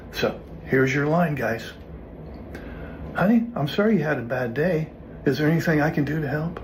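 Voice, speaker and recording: A man's voice: medium pitch, vocal fry, slight background noise. A man, a relationship coach, talking casually to camera and walking listeners through practice scripts. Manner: instructive, leads listeners through repeat-after-me scripts.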